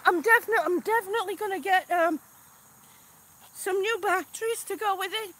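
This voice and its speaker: A woman vlogging outdoors while flying a drone, out of breath and excited, laughing often. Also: very high voice, normal speed, slight background noise. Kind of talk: casual live vlog.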